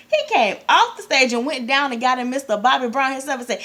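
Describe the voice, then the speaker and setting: A woman, chatting casually as a vlogger, excitable and gushing, with slangy, profane asides. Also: sits high, normal speed. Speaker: vlogger reviewing an awards show. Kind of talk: casual chat.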